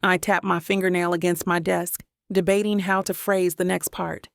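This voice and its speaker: Woman reading a romance audiobook, bit of vocal fry, dry close sound, calm and inward. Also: lowish voice, dry recording. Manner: measured, introspective storytelling. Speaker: audiobook narrator. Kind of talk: first-person romance audiobook narration.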